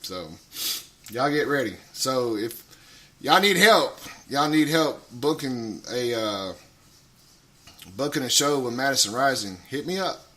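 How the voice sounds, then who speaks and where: Man, casual radio chat, bright forceful tone, swears a lot, rambling, loud. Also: medium pitch, expressive, measured pace.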